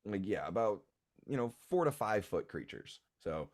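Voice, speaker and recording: A man narrating a tabletop game as game master, halting with many fillers and restarts. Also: lowish voice, sing-song, darkish tone, dry recording, studio quality.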